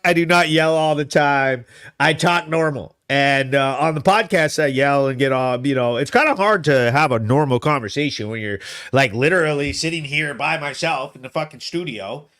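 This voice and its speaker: A man hosting his own live show alone in a studio, excitable and laughing, swearing freely. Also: on the high side, moderate pace. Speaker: host. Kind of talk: solo live show commentary.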